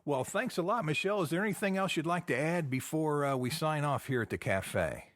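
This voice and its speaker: A man's voice: fairly high pitch, lively intonation, brisk, fairly bright tone, no echo, studio quality. A man hosting a genealogy show, talking in a folksy, chatty way with a lot of fillers. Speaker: podcast host. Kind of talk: casual chat.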